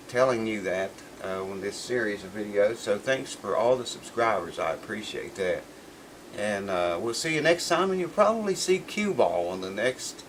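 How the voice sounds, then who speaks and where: A man's voice: on the low side, noisy background. A man making a guitar repair video, chatting casually in a rambling, folksy way with plenty of "uh" fillers. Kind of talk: casual vlog chat.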